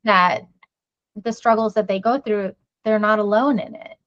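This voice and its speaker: A woman's voice: medium pitch, fairly even intonation, unhurried, fairly bright tone, no room sound. A woman hosting a podcast, affirming her guest with short agreements and wrapping up the episode. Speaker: podcast host. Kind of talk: casual podcast conversation. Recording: dull, dry close mic.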